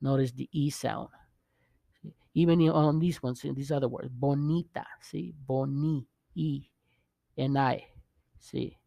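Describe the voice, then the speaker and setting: Gravelly, halting man teaching Spanish. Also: mid-range voice, steady tone, dark tone, no echo. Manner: halting, restarts often, checks in with "okay?" and "right?". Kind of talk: casual video lesson.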